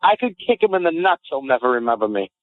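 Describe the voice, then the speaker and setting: A man's voice: mid-range voice, very animated, fast talker, no echo. A man hosting a podcast, trading crude comedic banter in a brash, profane, ribbing way. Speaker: podcast host. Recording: tinny phone-like audio.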